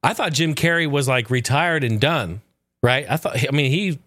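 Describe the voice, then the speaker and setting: A man's voice: mid-range voice, normal speed, fairly bright tone, no room sound, studio quality. A man in his thirties or forties ranting sarcastically, swearing a lot and acting out other people's quotes. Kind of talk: profane ranting commentary.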